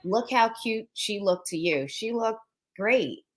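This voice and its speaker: A woman's voice: mid-range voice, animated, slow pace. A woman co-host in a casual chat, talking in an earnest way and often asking "right?". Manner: earnest, asks "right?" for agreement.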